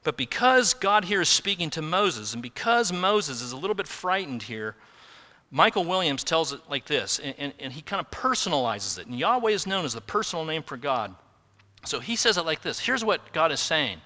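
A man preaching a sermon in earnest, building to emphatic peaks and then dropping low and slow. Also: big pitch swings, pushed and bright, long reverb tail. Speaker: pastor.

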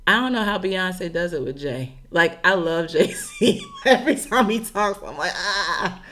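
A young woman from Chicago co-hosting a casual podcast chat, chatty and quick to laugh as she tells stories. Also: on the low side, expressive, a bit bright, slight background noise. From Chicago, USA. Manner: chatty, laughs often, storytelling.

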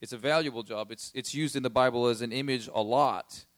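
A man's voice: mid-range voice, fairly quick, no room sound, clean studio sound. Chatty man retelling a Bible story. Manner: conversational, chatty retelling with fillers. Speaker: Bible teacher. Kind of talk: casual Bible teaching.

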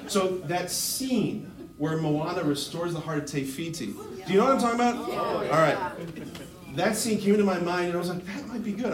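A man who is a Catholic priest, giving a lively, conversational sermon to a live audience, full of asides and fillers. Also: on the high side. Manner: animated and conversational, with many fillers. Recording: roomy hall sound with faint noise.

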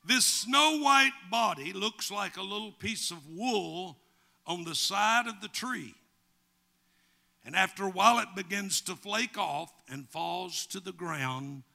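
A Southern American man preaches a sermon in a church, his voice pitched fairly high with a gravelly texture. He speaks slowly and deliberately, lifting into emphatic, preacherly cadences when he reads scripture. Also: sharp tone. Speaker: pastor.

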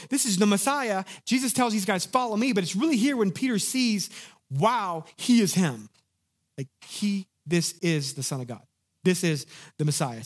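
A man preaching a sermon in an animated, conversational way, acting out the lines of the people in his story. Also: a little high. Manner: animated, conversational, acts out quotes. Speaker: pastor.

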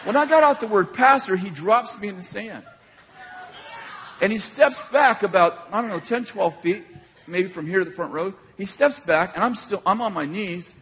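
A man preaching a sermon as an animated storyteller, laughing often as he tells a story to a hall audience. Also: high voice, normal speed, slight background noise. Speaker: pastor. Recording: echoey hall.

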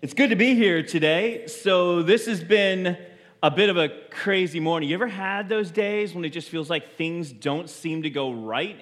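A man pastor giving a sermon to his church, telling a story with lively acted-out reactions. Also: a little high. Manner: animated storytelling, acting out his own quoted reactions.

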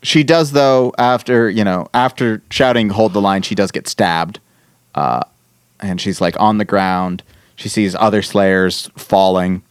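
A man on a casual podcast, retelling a TV episode in animated bursts and quoting the characters as he goes. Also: lowish voice, unhurried, smooth, dry recording, studio quality. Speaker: podcast host. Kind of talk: casual chat recapping a TV episode.

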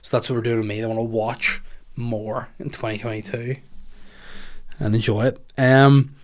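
A man's voice: medium pitch, level tone, normal speed. Crude rambling man. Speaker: comedian answering listener questions. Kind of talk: casual podcast chat.

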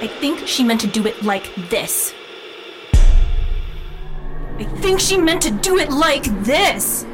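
An actress playing the ghostly dead sister, who speaks in a detached, repetitive way. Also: female voice, high voice, big pitch swings, takes it slowly, music in the background, heavily acted. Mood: chanting. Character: dead young sister, eerie and dreamy.

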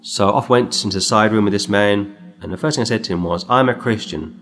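A middle-aged man preaching a sermon, reading scripture and telling stories in an emphatic way. His voice climbs high when he reads the verses. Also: fairly quick, a bit bright.

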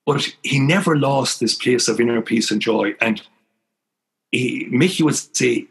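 A man's voice: medium pitch, a little slow, creaky, slightly rough, low-quality recording. An older man with an Irish accent, a priest telling his life story as an interview guest, earnest and emphatic. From Ireland.

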